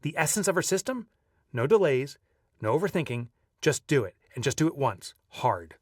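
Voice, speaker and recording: A man reading his own audiobook aloud, lively as a storyteller and breaking off now and then for casual asides. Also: a little high, moderate pace, no room sound, clean studio sound, far from the mic. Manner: lively storyteller who breaks off to chat offhand. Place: video recording setup.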